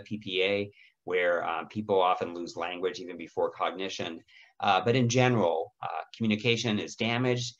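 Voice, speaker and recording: A middle-aged man with a raspy voice giving a lecture on caring for people with dementia, gentle and often clearing his throat. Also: fairly low pitch, muffled recording. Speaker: dementia care educator. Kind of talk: lecture presentation with slides.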